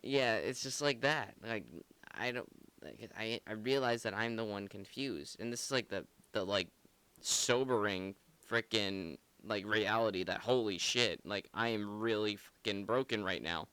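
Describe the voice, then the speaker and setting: A man's voice: on the low side, measured pace, pushed and bright, clear, resonant tone, no echo. A man co-hosting a podcast, breaking down song lyrics in casual, rambling talk full of filler words. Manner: rambling, heavy use of filler "like", earnest. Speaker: podcast co-host. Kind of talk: casual song analysis chat.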